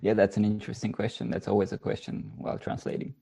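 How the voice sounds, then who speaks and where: A man from Bulgaria with a Bulgarian accent, a literary translator chatting as a podcast guest in a relaxed, wry way. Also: lowish voice, fast, gravelly, breathy edge. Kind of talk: casual podcast chat.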